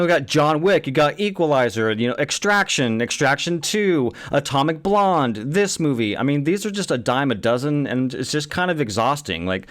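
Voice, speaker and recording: A man in his thirties giving a casual spoken movie review, blunt and exasperated, swearing often and asking rhetorical questions. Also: medium pitch.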